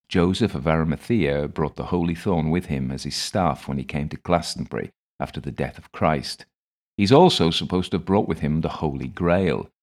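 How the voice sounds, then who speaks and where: Man, extremely low voice, first-person audiobook narration, calm and wry.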